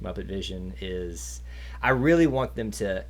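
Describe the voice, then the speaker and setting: A man's voice: low-pitched, expressive, a little slow. A man hosting a live trivia stream in casual chat, rambling onto tangents. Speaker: trivia host.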